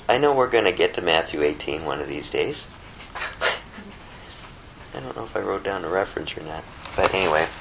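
A man giving an informal sermon, talking conversationally and acting out the people in his stories, climbing high when he stresses a point. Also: sharp tone, a little hiss or hum, rough recording. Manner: conversational, plays out the story characters in quick voices. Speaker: preacher.

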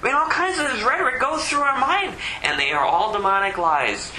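Male preacher, high and very bright tone, emphatic, repeats rhetorical questions to press each point. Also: normal speed, echoey room, slight background noise, low-quality recording. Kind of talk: sermon.

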